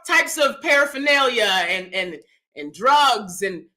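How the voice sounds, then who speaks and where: A woman hosting her own channel, talking in a casual, animated way, often checking in with "right?" and jumping into high mocking voices. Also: unhurried. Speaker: commentary channel host. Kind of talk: casual opinion commentary.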